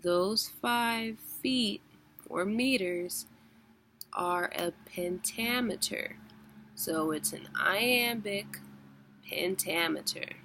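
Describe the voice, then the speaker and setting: A woman's voice: mid-range voice, drawn-out words, pushed and bright, slight background noise. A woman teaching a casual online lesson, explaining patiently with filler words and occasional chuckles. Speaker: poetry teacher.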